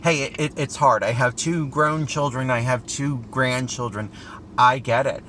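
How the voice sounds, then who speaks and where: A middle-aged style vlogger sits in his parked car outside a store, telling a story in casual commentary. His mid-range voice moves a little slowly over a faint hiss or hum, and he sounds chatty and earnest, livening things up with rhetorical questions.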